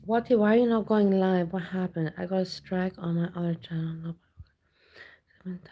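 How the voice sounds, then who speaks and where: A woman's voice: fairly low pitch, steady tone, normal speed, dark tone. A woman chatting casually on a live stream, talking straight to her viewers and swearing bluntly when she rants. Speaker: livestreamer.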